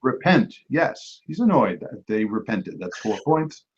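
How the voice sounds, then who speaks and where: A man hosting a trivia match, reading each clue and then repeating it slowly, with quick joking asides to the teams. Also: fairly low pitch, sing-song, breathy edge. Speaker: trivia quizmaster. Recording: dull lo-fi recording.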